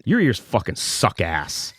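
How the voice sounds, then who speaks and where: A man co-hosting a comedy podcast, swearing constantly and jumping between loud outbursts and mumbled asides. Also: wildly swooping pitch, unhurried, husky, dry recording, studio quality. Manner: profane, loud swings in pitch, mock ad reading. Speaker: podcast co-host. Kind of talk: crude comedic banter.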